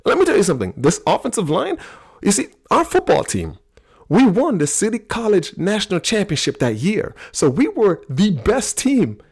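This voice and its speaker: Animated storytelling man, gravelly voice. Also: high-pitched, normal speed. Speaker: podcast host teaching personality types. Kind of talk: storytelling talk.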